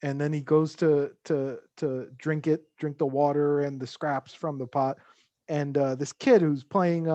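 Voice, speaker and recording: A man telling a parable as a podcast guest, halting with frequent fillers and restarts. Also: a little high, warm tone, dry recording, muffled recording. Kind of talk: storytelling in casual chat.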